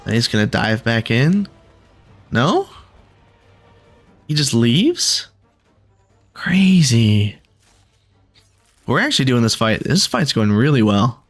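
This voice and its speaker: A man's voice: mid-range voice, sing-song, a little slow, pauses often, soft background music. A man casually commenting on his own gameplay as he plays, thinking aloud and reacting with sudden exclamations. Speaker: gaming video creator.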